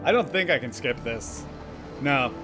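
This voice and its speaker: A man's voice: medium pitch, animated, a little slow, music in the background. A man doing critical live gameplay commentary, sarcastic and swearing, with frequent laughs. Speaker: game streamer.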